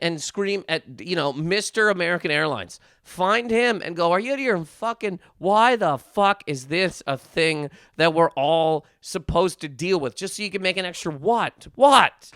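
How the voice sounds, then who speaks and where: A man's voice: sits high, a bit bright, smooth, no echo, studio quality. A man hosting a podcast, delivering a heated, profane comedic rant full of restarts and repeated words. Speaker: podcast host.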